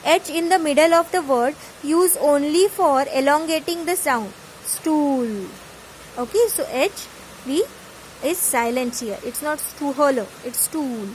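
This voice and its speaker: A woman's voice: high voice, normal speed, slight background noise, low-quality recording. A woman with an Indian English accent, teaching German by reading each word aloud and then giving its English meaning. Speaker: German tutor. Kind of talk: reading vocabulary with translations.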